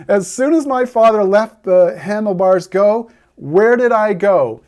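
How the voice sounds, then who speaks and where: A man's voice: high voice, expressive, slow, hardly any pauses. A man speaking straight to the viewer as a heartbreak coach, earnest and persuasive, giving a motivational talk. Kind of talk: direct-to-camera motivational talk.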